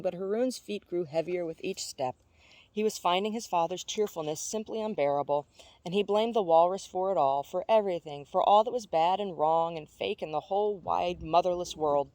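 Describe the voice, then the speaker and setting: A woman reads a novel aloud, steady and even. Her voice is mellow and warm, recorded dry and close. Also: lowish voice, no room sound. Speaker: audiobook reader.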